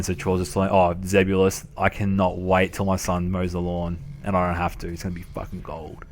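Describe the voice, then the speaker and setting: A man's voice: low-pitched, slight background noise. An Australian man in his thirties, a game streamer telling casual stories, swearing freely and laughing as he talks. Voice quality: profane, laughing, matey. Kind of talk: casual storytelling chat.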